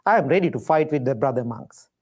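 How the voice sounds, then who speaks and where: Man, Buddhist monk, dharma talk, warm soft tone, plain repetitive storytelling. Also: medium pitch, animated, fast talker, slightly rough. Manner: gentle storytelling in simple, repetitive phrases. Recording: live talk to an audience.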